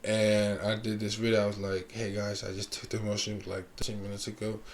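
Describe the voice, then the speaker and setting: A man's voice: on the low side, monotone, fairly quick, very noisy. A young man telling a long story in casual chat, rambling with lots of fillers and restarts.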